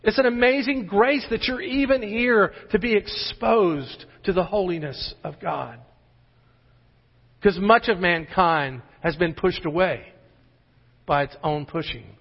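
A high-voiced man delivers an emphatic sermon, stacking rhetorical questions as he drives each point home. The sound is muffled and dull, and a long reverb trails his words through a large church sanctuary. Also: measured pace, gravelly, slightly rough. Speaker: pastor.

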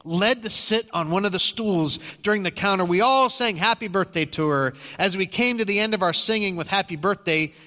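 In a church with a long reverb trailing each line, a middle-aged pastor preaches a story in a bright, forceful, fairly high voice. He talks conversationally with frequent restarts, moving a little fast with hardly any pauses.

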